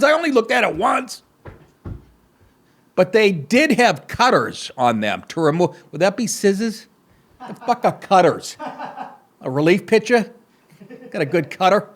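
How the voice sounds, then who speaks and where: Brief: middle-aged man, podcast host, gravelly voice, lively swings, crude mocking commentary. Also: high-pitched, normal speed. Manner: profane, sarcastic, mocking asides. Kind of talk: comedic news rant.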